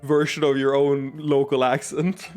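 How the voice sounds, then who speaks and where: Chatty game streamer. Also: male voice, mid-range voice, flat delivery, measured pace, darkish tone, smooth, faint music behind. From Sweden. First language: Swedish. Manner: chatty and self-mocking, laughs often. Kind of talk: gameplay commentary.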